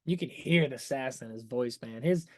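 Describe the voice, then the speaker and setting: A man's voice: mid-range voice, normal speed. A man hosting a casual livestream where he breaks down a song, enthusiastic and chatty, often checking in with "right?" as he explains music terms to his viewers. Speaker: music analysis streamer.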